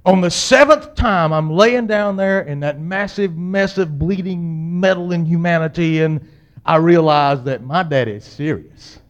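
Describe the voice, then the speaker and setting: A man with a drawl spins a funny tale from his own life, his voice sitting high for a man. He acts out the voices of the people in it and lets out big yells at the exciting moments. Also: unhurried. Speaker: storyteller. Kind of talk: humorous personal storytelling.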